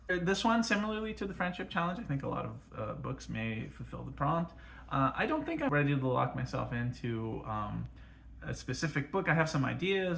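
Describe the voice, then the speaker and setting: Over slight background noise, an American co-host of a book channel talks casually about books, hesitating often with ums and uhs. He has a gravelly, mid-range voice with a fairly bright tone.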